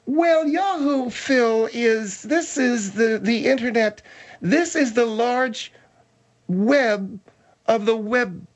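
Woman co-host, chatty rambling banter, slightly high voice. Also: takes it slowly. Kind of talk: casual radio banter.

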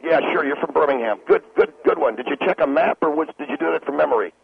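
A brash, mocking man trades barbs on talk radio. His voice is a bit high, gravelly and husky. The sound is narrow and phone-like. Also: quick pace, no echo. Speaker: in-studio guest. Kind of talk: combative talk radio banter.

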